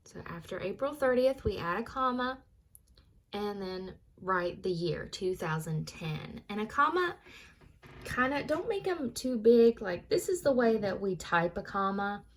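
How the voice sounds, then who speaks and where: Slow patient woman teacher. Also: medium pitch, animated. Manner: slow, patient, clearly sounding out words. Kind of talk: recorded reading lesson for young students.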